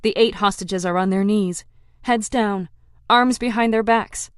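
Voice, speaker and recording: A woman's voice: mid-range voice, steady tone, unhurried, smooth, no echo. Woman, audiobook narrator, first-person story, tense dramatic reading, dry close sound.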